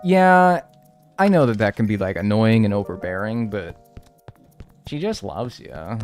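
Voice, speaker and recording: A man in his twenties streams a game and chats casually with his viewers, swearing, rambling, and trailing off into mumbles as he reads chat. His voice sits on the low side, sing-song and a little mellow, at a normal speed, with soft music playing behind him.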